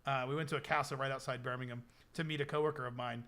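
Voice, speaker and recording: A man's voice: mid-range voice, steady tone, rapid-fire, bright, forceful tone. A young adult man hosting a live stream, chatting casually and rambling with lots of filler words. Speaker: streamer hosting a game server giveaway.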